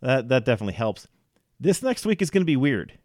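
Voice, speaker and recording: Man, podcast host, casual sports talk, mid-pitch voice, dry close sound. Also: very animated, quick pace, a little mellow, no echo. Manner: chatty, analytical, laughs easily, quotes stats.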